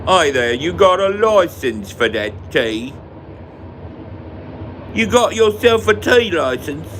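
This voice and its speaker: A man's voice: a little high, big pitch swings, slow pace, fairly bright tone, a little hiss or hum, voice pushed up, heavily acted. A man voicing an officious, mock-stern enforcer demanding a tea license.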